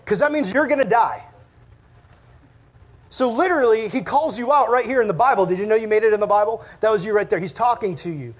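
A man's voice: sits high, brisk. A man preaching a casual sermon to teenagers as a youth pastor, chatty and joking, often laughing at himself.

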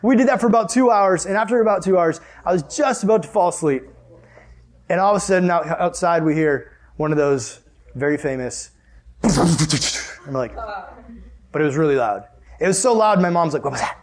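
A young man with a high voice tells a campfire-style story to a youth group, bubbly and full of "like". He laughs often and keeps things loose before turning to Bible study. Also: normal speed.

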